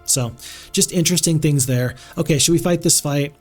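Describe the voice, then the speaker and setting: A man's voice: on the high side, normal speed, faint music behind. Chatty, rambling male game streamer. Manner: chatty, rambling, many restarts. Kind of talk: casual live-stream commentary.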